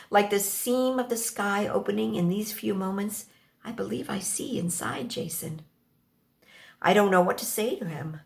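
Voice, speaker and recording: A woman performing a dramatic first-person story aloud, reading slowly and expressively and acting out the dialogue. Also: mid-range voice, creaky. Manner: slow, expressive, acts out the dialogue.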